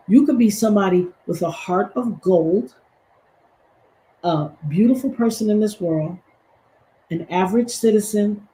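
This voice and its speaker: A woman hosts an animated commentary livestream, preaching emphatically and throwing in sassy asides. Her voice is fairly low and dark, and the recording quality is poor.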